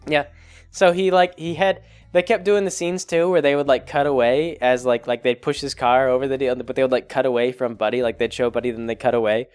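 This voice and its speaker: A man's voice: on the high side, fairly even intonation, fast, smooth, soft background music. A man vlogging a casual, rambling movie recap with lots of jokes, fillers and self-corrections.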